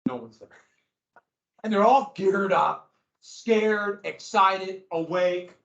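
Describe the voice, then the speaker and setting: Male teacher, lively lecture, roomy classroom sound, dull lo-fi audio. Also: high-pitched, slow pace, gravelly. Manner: animated, jumps between asides and acted quotes. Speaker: history teacher.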